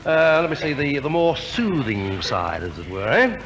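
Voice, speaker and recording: A man's voice: on the high side, very animated, normal speed, a bit bright, poor audio. A man compering a 1950s radio variety show in a hearty, jovial, chatty way. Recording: old radio recording with faint hiss.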